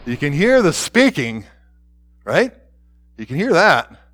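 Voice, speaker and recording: Slow-preaching pastor, man. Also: on the high side, big pitch swings, fairly bright tone. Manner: slow, dramatic reading that drops to a whisper. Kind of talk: sermon.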